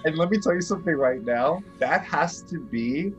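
A man, an astrologer guest, talking casually and profanely in quick animated bursts from a bedroom over a call. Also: on the high side, faint music behind. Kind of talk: casual podcast chat. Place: grandmother's house bedroom.

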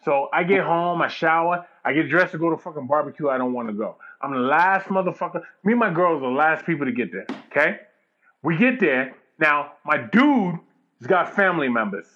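A man telling a long story in casual chat, profane and animated, acting out the people in it. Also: on the high side, a little fast, highs cut off.

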